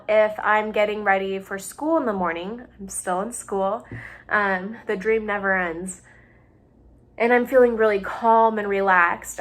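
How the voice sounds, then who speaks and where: A young woman speaking from her home, talking patiently to children and families. Her voice sits at an ordinary middle pitch, and she keeps her words simple and her examples everyday. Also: fairly bright tone. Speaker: doctoral student in psychology. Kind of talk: gentle explanatory talk for families.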